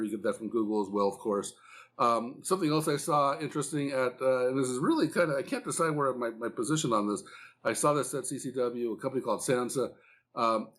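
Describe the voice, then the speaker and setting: A man's voice: medium pitch, fairly bright tone. Man chatting casually about tech trends. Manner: conversational, frequent fillers and restarts. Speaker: podcast co-host. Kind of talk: casual industry discussion.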